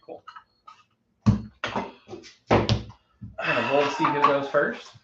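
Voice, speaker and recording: A man's voice: on the high side, steady tone, slow, very noisy. A man hosting a casual podcast over a card game, rambling and laughing often. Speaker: podcast host. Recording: roomy, distant, dull mic.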